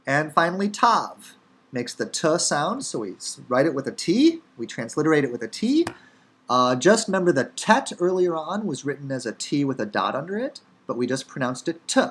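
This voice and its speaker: A man's voice: a little high, very animated, moderate pace, fairly bright tone, slightly rough. A man with a Chicago accent teaching the Hebrew alphabet in a casual, wry lecture with frequent fillers. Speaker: Hebrew instructor. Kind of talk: recorded lecture.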